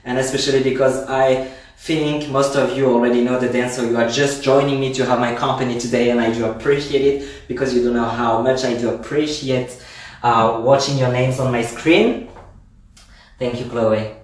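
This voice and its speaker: Streaming a line dance lesson from his home, this French man speaks with a French accent, counts steps out loud, and keeps up a chatty, effusive patter. His pitch is medium and his intonation fairly even, at normal speed. Captured from afar, the audio has a roomy echo.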